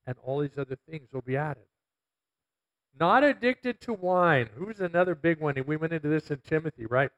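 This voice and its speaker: A man's voice: fairly high pitch, rough recording. A middle-aged man, a pastor, preaching a conversational sermon full of stories and quoted asides.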